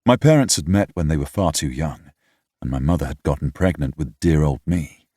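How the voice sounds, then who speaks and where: Deep husky British male narrator. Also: animated, brisk, warm tone, no room sound, studio quality. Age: young adult. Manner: reflective, wry, slightly pompous. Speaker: audiobook narrator. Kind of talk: first-person audiobook narration.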